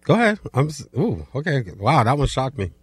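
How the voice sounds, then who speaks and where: A man co-hosts a sports talk show, cutting in with short replies and dry sarcasm. His pitch rises and falls a lot. The recording is dry and close. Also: sing-song, breathy edge, no echo. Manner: quick interjections, dry sarcasm. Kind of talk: casual sports debate.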